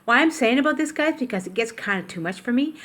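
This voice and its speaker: A woman's voice: fairly high pitch, animated, fast talker, fairly bright tone. Chatty older woman vlogging from her kitchen. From Canada. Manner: chatty, rambling, self-interrupting. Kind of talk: casual chat to camera. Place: home kitchen. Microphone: tablet camera.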